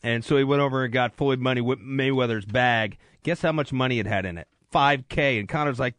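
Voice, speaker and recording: A man's voice: mid-range voice, brisk, hardly any pauses, a bit bright, dry recording, clean studio sound. Joking fill-in sports radio host, man. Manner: joking, rambling, self-deprecating. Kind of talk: casual sports talk. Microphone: studio microphone.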